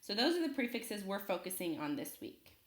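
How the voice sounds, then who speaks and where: A woman teaching a phonics lesson to young children, speaking slowly and clearly and pausing for them to answer. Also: medium pitch, very animated, roomy sound. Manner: slow, clear, patient teacher talk with pauses for students.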